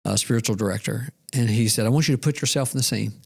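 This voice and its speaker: A man's voice: mid-range voice, quick pace, creaky, darkish tone, slightly rough. A man co-hosting a faith podcast, telling stories in a reflective, self-deprecating way. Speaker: podcast co-host. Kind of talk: casual faith discussion.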